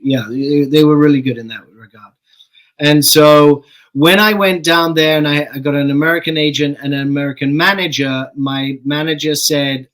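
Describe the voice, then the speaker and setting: A middle-aged man from Canada, a guest actor telling stories in a relaxed, chatty way, laughing and swearing casually. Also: a little high, moderate pace, low-quality recording. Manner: relaxed anecdotal storytelling, laughs and swears freely. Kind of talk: casual interview chat.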